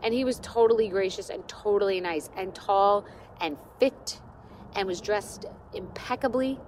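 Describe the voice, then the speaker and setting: A woman's voice: medium pitch, moderate pace, a little hiss or hum. A middle-aged woman hosting a podcast, telling a story in a casual, self-mocking rant and acting out what people said. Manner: self-deprecating, animated storytelling with acted-out quotes. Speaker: podcast host.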